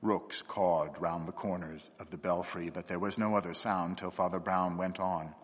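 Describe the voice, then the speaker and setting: A man reading a story aloud as narrator, in a measured, unhurried way. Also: low-pitched, fairly even intonation, slightly rough. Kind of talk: audiobook-style story reading. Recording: long hall reverb.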